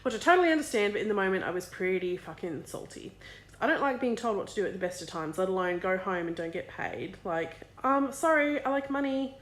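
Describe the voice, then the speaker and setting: A woman's voice: mid-range voice, lively intonation, a little fast, a bit bright, reverberant. A woman in her thirties, a small business owner, chatting candidly and emotionally in a casual vlog, swearing freely. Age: 30s.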